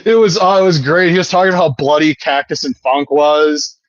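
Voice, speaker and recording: In a casual podcast conversation, this thirtysomething male co-host rambles, swears and laughs frequently. He has a fairly high pitch and speaks a little fast, in a muffled recording with no echo.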